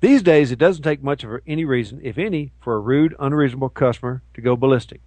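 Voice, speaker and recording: A man co-hosting a casual talk show, ranting in an animated way and mocking people with put-on voices. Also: medium pitch, fast talker, no echo. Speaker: co-host. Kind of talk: casual chat show banter.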